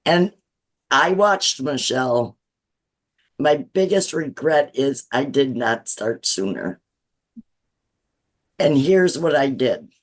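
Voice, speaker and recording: A woman's voice: rumbling low, animated, slow pace, long pauses. A woman of sixty giving an earnest, teary-eyed testimonial as a guest. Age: 60s. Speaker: guest client.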